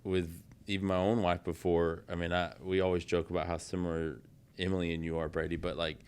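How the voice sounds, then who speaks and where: Smooth deep-voiced man. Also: flat delivery, fairly quick, a little mellow. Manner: conversational, many fillers such as "like" and "you know". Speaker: podcast host. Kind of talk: casual podcast conversation.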